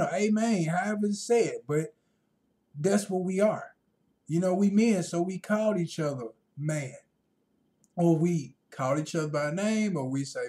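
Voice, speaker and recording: A man's voice: a little high, unhurried. Man with a raised voice, rambling vlog rant. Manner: rambling, repeats himself, gets loud and animated when retelling exchanges. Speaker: vlogger. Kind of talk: opinionated casual monologue.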